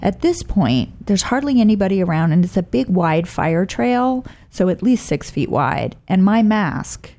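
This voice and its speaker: A middle-aged woman from Oakland telling a personal story in a wry, blunt, animated way. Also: mid-range voice, a little slow, few pauses. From Oakland, California.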